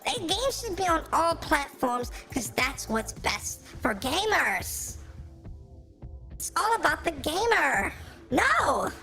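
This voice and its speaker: Man putting on a whiny, high-voiced gamer troll. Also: big pitch swings, slow pace, vocal fry, pushed and bright, soft background music, full character voice. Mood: mocking. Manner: mocking, sing-song caricature. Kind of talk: mocking impression in a livestream.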